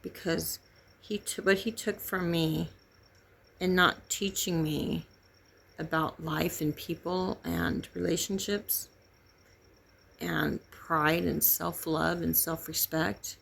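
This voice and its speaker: A middle-aged woman telling a painful personal story in halting, grieving, raw speech. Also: sits low, steady tone, gravelly, fairly bright tone, slightly rough. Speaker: vlogger sharing a personal story. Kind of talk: candid personal testimony.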